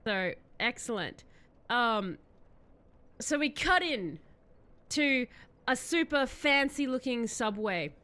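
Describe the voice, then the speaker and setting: A woman's voice: a little high, lively intonation, slow pace, pauses often, pushed and bright. A woman streamer chatting casually and telling a rambling story, giggling often.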